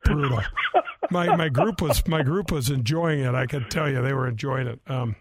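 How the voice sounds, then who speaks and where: A man's voice: mid-range voice, normal speed. A man in his fifties telling a long, rambling, self-mocking story with lots of fillers and restarts in casual talk. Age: 50s. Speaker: co-host, former golfer.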